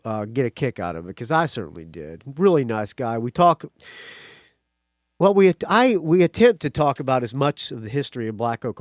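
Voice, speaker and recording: A man hosting a rock podcast, talking in a rambling, excitable way with a slight country accent and swearing freely. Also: mid-range voice, no room sound, studio quality. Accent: slight American country accent. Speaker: podcast host. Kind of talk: casual solo intro.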